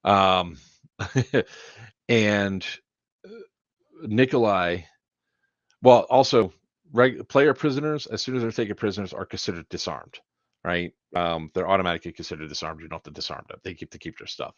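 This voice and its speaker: A man's voice: sits low, normal speed, long pauses, dry recording. A man organizing an event, briefing players on the rules in a casual, rambling and blunt way, with some swearing. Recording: dull lo-fi dry sound.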